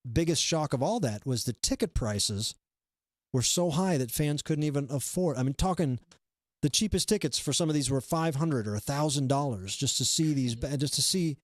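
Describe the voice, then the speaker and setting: A man's voice: a little high, expressive, moderate pace, no echo, studio quality. A man hosting a comedy live stream, chatting casually and rambling with lots of fillers and restarts. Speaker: comedy show host.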